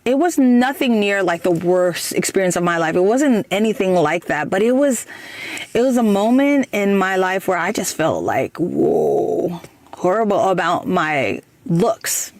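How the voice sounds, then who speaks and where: A woman's voice: fairly low pitch, animated, unhurried, no room sound. A woman in her thirties telling a personal story in a casual, hesitant way, with many fillers, and she acts out the quoted lines. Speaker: guest storyteller.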